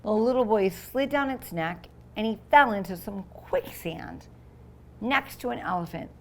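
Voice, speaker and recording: Expressive woman teacher reading a picture book. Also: mid-range voice, unhurried, slight background noise. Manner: expressive storybook reading with sound effects.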